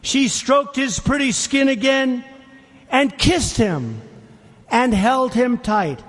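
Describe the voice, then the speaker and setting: A man's voice: very high voice, lively intonation, takes it slowly, fairly bright tone. A man giving a rally speech, reading a poem aloud with emphatic, repeated phrases and questions to the crowd. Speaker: political speaker. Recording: long reverb of big hall.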